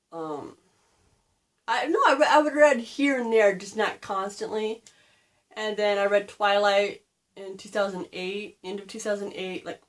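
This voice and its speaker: A woman's voice: mid-range voice, fairly bright tone. Rambling, chatty woman in her thirties. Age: 30s. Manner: rambling, chatty, digresses and laughs at herself. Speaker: book vlogger. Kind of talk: casual chat.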